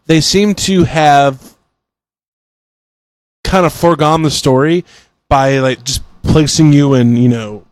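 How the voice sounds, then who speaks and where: A man's voice: fairly high pitch, slow pace, pauses often, a little mellow, dry recording. A man co-hosting a podcast in casual chat, a rambling, chatty storyteller. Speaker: podcast co-host.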